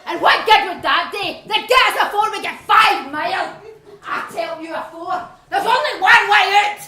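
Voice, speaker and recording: A woman playing a ruthless, scheming accomplice with a sharp, bossy manner, in an amateur stage play. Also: very high voice, moderate pace. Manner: sharp and bossy, switching to sugary politeness. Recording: echoey hall.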